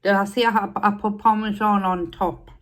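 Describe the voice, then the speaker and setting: A woman's voice: mid-range voice, fairly even intonation, normal speed. A middle-aged woman chatting casually to her viewers between bites of food. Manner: chatty, eating between sentences. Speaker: mukbang vlogger. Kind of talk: casual chat while eating.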